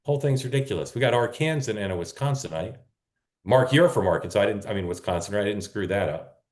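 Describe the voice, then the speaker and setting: Low-voiced rambling male show host. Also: lively intonation, fast talker, a little mellow, reverberant. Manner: rambling, self-correcting, chatty. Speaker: political talk show host. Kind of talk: casual live-stream talk.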